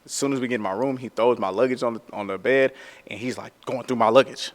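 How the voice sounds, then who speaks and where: A man who works as a tattoo artist, telling a story in a casual, animated way, full of slang and "like". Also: medium pitch, quick pace, long reverb tail.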